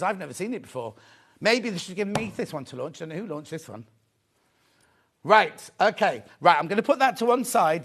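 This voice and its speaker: A man hosting a live shopping show, chatty and excitable, often repeating his phrases. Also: high voice. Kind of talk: live sales presentation.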